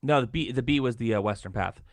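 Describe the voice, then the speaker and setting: Hoarse male game master, halting narration, mid-pitched, dry recording. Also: no room sound. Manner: halting, many fillers and restarts. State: hoarse, losing his voice.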